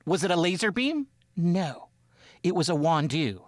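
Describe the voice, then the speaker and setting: A man co-hosting a sports podcast with his brother, talking in a rambling, animated way and often acting out quotes. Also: fairly high pitch, unhurried, dry recording. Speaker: podcast co-host. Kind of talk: casual sports chat.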